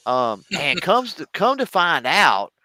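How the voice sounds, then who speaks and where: A man's voice: on the high side, huge pitch swings, slow pace, bright, forceful tone, no echo. A man, chatting casually on a show and telling a story, acting out the voices of the people in it. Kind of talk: casual chat.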